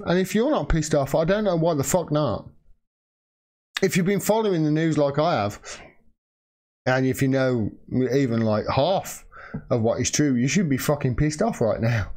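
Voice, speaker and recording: A man's voice: a little high, lively intonation, moderate pace, a little mellow. A man giving an angry, profane livestream rant as a political video commentator, heated and emphatic.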